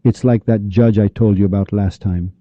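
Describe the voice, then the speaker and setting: A man's voice: fairly low pitch, fairly even intonation, normal speed, dark tone, no echo. A man giving a Sufi spiritual teaching talk, full of rhetorical questions and repeated refrains, on a dull lo-fi recording.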